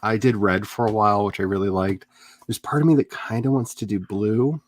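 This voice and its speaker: A middle-aged man hosting a writing livestream, chatty and animated, with quick laughs and dramatic asides. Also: on the low side. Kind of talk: casual livestream chat.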